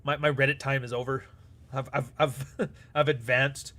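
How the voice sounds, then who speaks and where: A man's voice: medium pitch, flat delivery, moderate pace, bright, forceful tone. A man hosting a live stream, talking casually and bluntly with plenty of swearing and acting out back-and-forth dialogue as he answers super chats. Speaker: livestream host.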